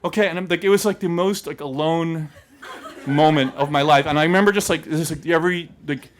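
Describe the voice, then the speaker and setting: Before a live crowd, a man with a slightly high voice recounts something from his own life at a brisk clip. He's lively, laughs mid-sentence, and relies on casual filler words.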